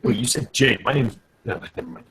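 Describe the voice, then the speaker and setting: Gravelly, husky man on a video chat. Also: mid-range voice, brisk, fairly bright tone, poor audio. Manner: talkative, shares news and opinions. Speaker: guest. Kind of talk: casual live group video chat. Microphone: home computer mic on video call.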